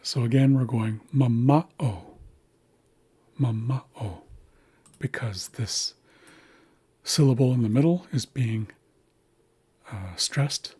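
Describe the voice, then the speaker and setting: A man teaching a language lesson, patiently walking through pronunciation and repeating example words slowly. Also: mid-range voice, darkish tone. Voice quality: very breathy, husky. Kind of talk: slow instructional walkthrough.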